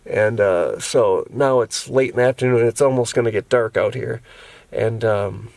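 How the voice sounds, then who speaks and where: A tired man vlogs casually from inside his camper van after a long day, rambling with plenty of restarts and fillers. His voice is medium-pitched, gravelly, and darkish, at normal speed with no echo.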